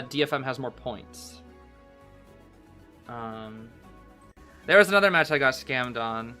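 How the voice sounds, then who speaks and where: A man streaming a casual gameplay recap who is excitable, repeats his words and keeps calling his listeners bro. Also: medium pitch. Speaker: game streamer.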